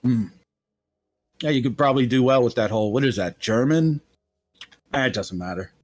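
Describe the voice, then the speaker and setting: A man's voice: medium pitch, moderate pace, no echo. A man playing a tabletop role-play game, talking in and out of character in a crude, rambling way full of laughs and fillers. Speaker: player.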